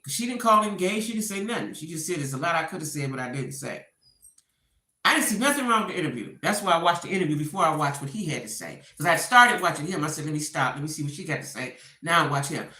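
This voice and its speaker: Animated woman dishing gossip in an echoey room. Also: on the low side. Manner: animated storytelling, acts out quotes. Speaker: gossip commentator. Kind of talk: casual commentary.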